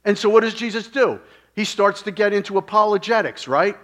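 A man delivers a sermon in a fairly high voice. He moves from loud, excited exclamations to hushed, near-whispered lines. He keeps it conversational, throwing rhetorical questions straight at his listeners. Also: brisk. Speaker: preacher.

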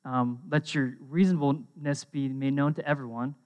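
A young man preaching a casual sermon, conversational and animated, often checking in with his listeners. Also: mid-range voice, moderate pace, narrow, tinny audio. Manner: conversational, lots of "um" and "right?"; animated storytelling.

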